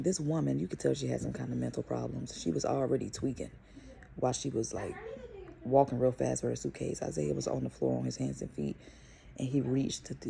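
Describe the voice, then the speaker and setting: A young woman and mother telling a story to camera in a casual, animated, profane way. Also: rumbling low, creaky, a little hiss or hum. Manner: animated, profane, emphatic retelling. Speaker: vlogger and mother.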